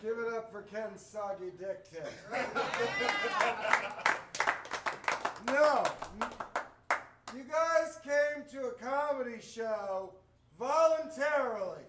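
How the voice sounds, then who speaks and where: A man's voice: very high-pitched, expressive, extremely slow, pauses often, far from the mic, noisy background. A man hosting a comedy show, playful and teasing as he works the crowd. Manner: loose, playful, teasing the audience. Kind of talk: emceeing and crowd work. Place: comedy club stage. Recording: echoey club room heard from off-mic, crowd audible.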